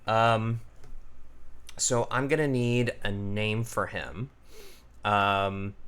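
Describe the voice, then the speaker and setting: A man's voice: mid-range voice, fairly bright tone, smooth. A man talking casually as he draws, thinking aloud with lots of ums while he explains character voices. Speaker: character designer and voice artist. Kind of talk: casual drawing and voice tutorial.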